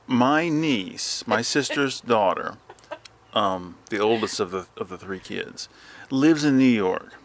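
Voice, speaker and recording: A man's voice: fairly low pitch, lively intonation, slow, pauses often. A man hosting a casual podcast chat at home, rambling and telling stories. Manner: rambling, mimics voices when retelling. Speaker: podcast host.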